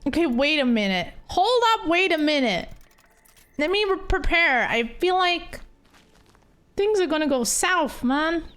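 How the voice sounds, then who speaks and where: Excitable woman streamer, high and animated, casual game commentary. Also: a little slow. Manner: chatty, excitable, gasps and laughs. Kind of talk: casual let's-play commentary.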